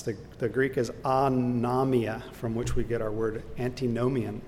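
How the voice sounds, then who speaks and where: Man leading a church Bible class, mid-pitched, earnest and explanatory, echoey hall with faint background rumble. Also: little pitch movement, moderate pace, hardly any pauses, darkish tone. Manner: earnest, explanatory, with fillers and restarts. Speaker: Bible teacher. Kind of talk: Bible study lesson.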